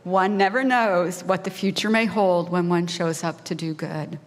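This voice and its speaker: A woman's voice: fairly low pitch, steady tone, measured pace. A woman in her sixties giving a heartfelt prepared speech as a volunteer at a fundraising lunch. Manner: heartfelt, emotional, tearing up at times. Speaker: volunteer speaker. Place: large banquet hall. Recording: reverberant hall PA.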